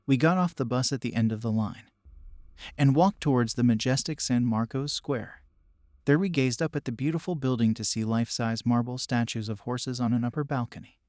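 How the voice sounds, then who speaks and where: A man narrating a first-person horror story in a steady, measured storytelling voice. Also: mid-range voice, dry recording, studio quality.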